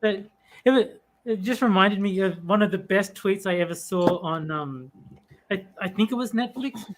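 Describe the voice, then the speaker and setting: A man's voice: high-pitched, moderate pace. A man hosting a casual podcast chat, telling rambling anecdotes full of ums and restarts.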